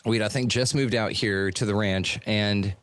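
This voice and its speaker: A man's voice: lowish voice, fairly even intonation, normal speed, a bit bright, no room sound. A middle-aged man chatting casually about his life as a podcast host, loose and profane, with lots of fillers, in a treated home studio. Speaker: podcast host being interviewed. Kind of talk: casual storytelling chat.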